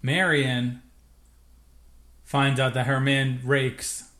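A man co-hosting a podcast, talking casually in a relaxed, rambling way with many hesitations. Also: mid-range voice, very slow. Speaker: podcast co-host. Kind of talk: casual chat.

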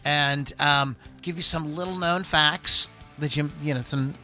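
A man hosting a podcast, reading sponsor plugs and chatting in a rambling, halting way with wry remarks. His voice is bright and fairly high. He sounds loose and conversational. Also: steady tone, soft background music. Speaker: podcast host. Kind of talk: casual podcast banter and sponsor reads.

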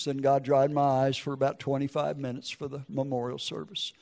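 A man's voice: mid-range voice, little pitch movement, brisk, creaky, hardly any pauses, darkish tone, big-room sound. Older man giving an emotional testimony. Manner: emotional storytelling with acted quotes. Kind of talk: testimony sermon.

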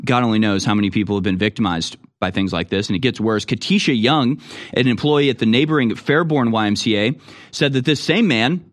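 Hosting a political commentary show, a man with a mid-range voice moves briskly through the news, reading items aloud. His reactions are indignant and mocking, and he imitates the voices of those he quotes.

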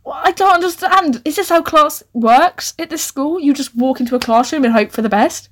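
Sarcastic young woman, a little high. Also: moderate pace. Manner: incredulous, sarcastic asides with sudden squeals. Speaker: podcast host reading her old novel. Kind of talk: comic reading with commentary.

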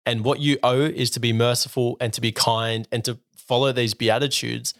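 A man's voice: medium pitch, level tone, moderate pace, fairly bright tone, dry recording, studio quality. A young man co-hosting a casual faith podcast, earnest and a little rambling, with playful asides. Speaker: podcast co-host.

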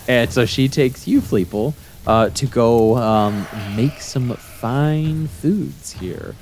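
A man narrating as game master, animated and laughing often. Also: medium pitch, slow pace, few pauses, a little hiss or hum.

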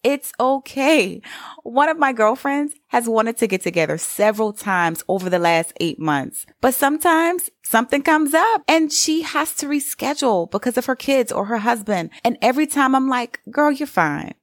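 A woman's voice: a little high, lively intonation, normal speed, hardly any pauses, no room sound, clean studio sound. A middle-aged woman, hosting a solo podcast and talking in an encouraging, conversational way. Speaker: podcast host. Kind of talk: solo motivational podcast talk.

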